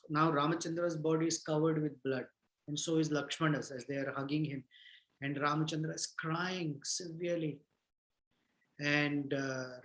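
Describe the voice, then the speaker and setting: A man retelling a scripture story in a class, gentle and halting, with many fillers and restarts. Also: fairly high pitch, roomy sound, poor audio. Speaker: storyteller teacher.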